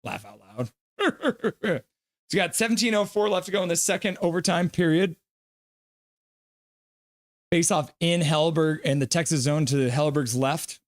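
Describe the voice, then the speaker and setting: An excitable man hosts a live fan stream, calling the game play by play and reading viewer comments aloud. His voice sits high for a man. The sound is dry and close. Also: moderate pace, long pauses, dry recording.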